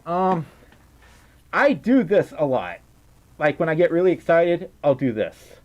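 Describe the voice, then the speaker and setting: A man's voice: on the high side, sing-song, unhurried, long pauses. A young man casually chatting on a livestream and reading out donations in a rambling, giggly way. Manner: rambling, giggly, easily distracted. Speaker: streamer.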